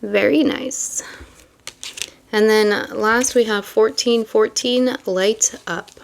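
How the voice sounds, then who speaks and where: A woman's voice: a little high, steady tone, takes it slowly, creaky, slight background noise. A young woman reading tarot and chatting casually, rambling and full of fillers between card meanings. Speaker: tarot reader.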